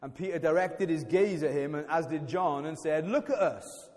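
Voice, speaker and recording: A man's voice: on the high side, animated, normal speed, a little mellow. A man preaching a sermon in a chatty, self-deprecating way, often restarting his sentences. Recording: church hall reverb.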